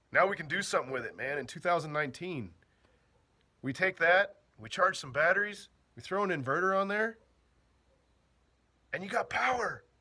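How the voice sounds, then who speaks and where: A man's voice: fairly high pitch, sharp tone. A man casually joking his way through an explainer, laughing and acting out bits in silly voices. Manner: goofy, laughing, slangy, acts out bits in voices. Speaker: off-grid living vlogger.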